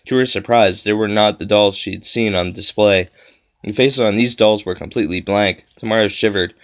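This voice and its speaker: A man narrating a children's horror story with steady storytelling. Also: on the low side. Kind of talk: reading a horror story aloud.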